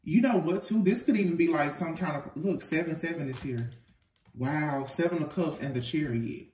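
A man giving a casual tarot reading to his viewers, animated and informal, laughing often. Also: a little high, normal speed, distant mic. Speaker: tarot reader. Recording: echoey room, off-mic, faint noise.

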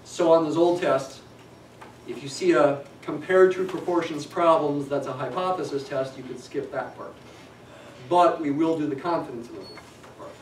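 Male lecturer, middle-aged, higher voice, chatty, echoey room, picked up from afar. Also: moderate pace, slight background noise. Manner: chatty, digressive, dry humor. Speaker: statistics lecturer. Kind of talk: classroom lecture. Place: lecture classroom. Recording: echoey classroom from a distance.

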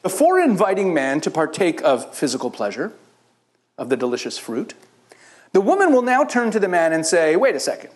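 A middle-aged man from Israel, a rabbi giving a sermon-style Bible teaching to a church audience, telling the story with lively asides and acting out the characters' lines. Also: on the high side, moderate pace. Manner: animated storytelling, acts out the biblical characters in quoted voices.

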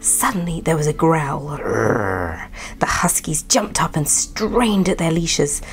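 A woman reading a children's bedtime story aloud in a soft, partly whispered voice. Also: deep voice, a little slow, soft background music.

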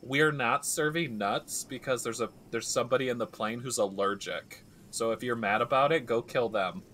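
A man voicing an overeager female flight attendant in an anecdote, brisk and announcing. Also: mid-range voice, fairly bright tone, a little hiss or hum, lightly acted.

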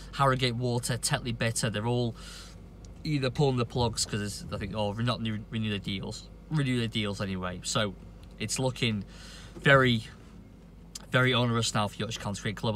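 A man's voice: on the low side, bright, forceful tone, a little hiss or hum. A man ranting indignantly to camera as a cricket vlogger, swearing often and stumbling over restarts. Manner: indignant, profane, halting with many restarts. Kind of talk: opinion rant to camera.

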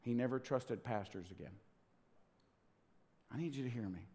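A middle-aged man preaching a sermon as pastor, swinging between hushed whispers and loud, impassioned bursts. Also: medium pitch, moderate pace. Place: church sanctuary. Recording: long hall reverb.

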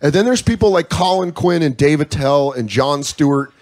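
A man in his thirties tells his stories in a fast, profane, animated way, slipping into quick impressions of the people he talks about. His voice sits a bit high for a man. It is a loose, casual chat recorded live at a comedy club. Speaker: comedian guest.

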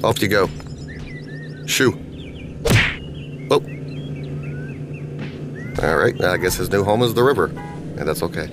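A man's voice: low-pitched, moderate pace, long pauses. A man hosting a gaming channel, giving goofy, crude gameplay commentary and slipping into silly voices. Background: game music and sounds.

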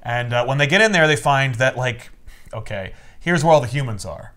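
A man hosting a podcast, casually recapping a comic story in an animated way, acting out the characters and saying "like" often. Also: mid-range voice, fairly quick. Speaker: podcast host.

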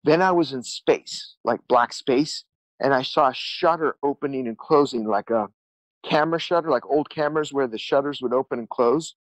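A man's voice: mid-range voice, moderate pace, dry recording, poor audio. Earnest rambling male storyteller, dry sound. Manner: earnest, rambling, repeats words, acts out quotes. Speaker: guest musician. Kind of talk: candid storytelling interview.

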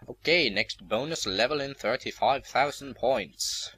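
A man's voice: medium pitch, lively intonation, normal speed, few pauses, sharp tone, a little hiss or hum. A young man giving casual, rambling commentary as a let's play host, full of playful jokes and asides. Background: game music.

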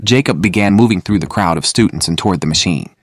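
A man narrating an audiobook in a steady, measured way. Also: sits low, no echo.

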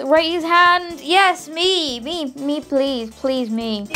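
Young woman let's-play host, very high and bouncy voice, unhurried delivery, soft music underneath. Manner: excitable, squealing and shouting bursts. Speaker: gaming YouTuber.

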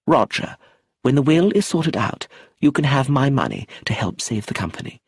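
A man's voice: medium pitch, sing-song, moderate pace, creaky, breathy edge, no echo, studio quality, voice pushed up, heavily acted. A man voicing a commanding elderly aunt with a firm voice, in an audiobook. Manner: powerful, firm.

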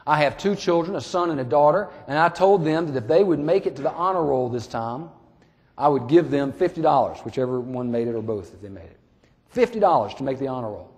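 A man voicing an eager, excited father phoning in to a radio show. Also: fairly high pitch, fairly quick. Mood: earnest. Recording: echoey hall.

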